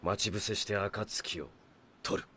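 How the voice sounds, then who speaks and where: Actors voicing grave, serious male ninjas in an anime, speaking in low, clipped tones. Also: fairly quick, noisy background, lightly acted. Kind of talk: anime dub voice acting.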